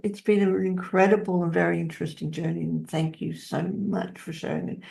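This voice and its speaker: A woman's voice: lowish voice, level tone, fairly quick, creaky, mellow. A woman hosting an interview, thanking her guest effusively and asking follow-up questions. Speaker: interview host.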